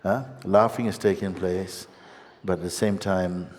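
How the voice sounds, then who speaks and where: A man giving a satsang teaching as a spiritual teacher, gentle and unhurried, often breaking into laughter. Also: low voice, fairly even intonation, a little hiss or hum. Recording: long hall reverb with faint ambience.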